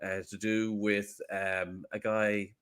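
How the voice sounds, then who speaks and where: Lower-voiced joking podcast host. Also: male voice, slow, clear, resonant tone. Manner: animated, joking, laughs often. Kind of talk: casual chat.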